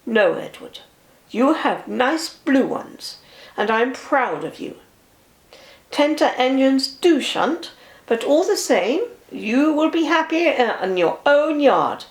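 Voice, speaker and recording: A woman voicing a stern older male railway boss, brisk and firm with a kindly side. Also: sits high, big pitch swings, reverberant, voice pushed up, heavily acted.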